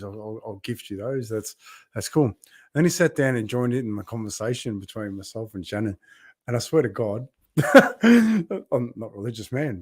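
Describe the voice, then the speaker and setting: A middle-aged vlogger and builders' coach with a medium-pitched voice talks in a heartfelt, rambling way on a casual live video diary. He laughs often and greets viewers by name, recorded in studio quality with no echo.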